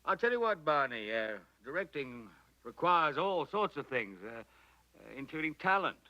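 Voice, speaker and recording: An actor playing a brash, boastful film director who jokes and laughs on the phone. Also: male voice, on the high side, sing-song, normal speed, bright, forceful tone, highs cut off. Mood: bluff. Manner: boisterous, laughing, sarcastic.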